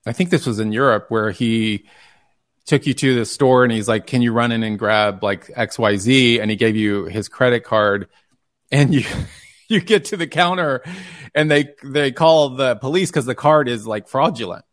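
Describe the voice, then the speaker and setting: A man's voice: mid-range voice, moderate pace. A man hosting an interview podcast, recapping the guest's story back to her as prompting questions. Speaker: podcast host. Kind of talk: casual interview chat.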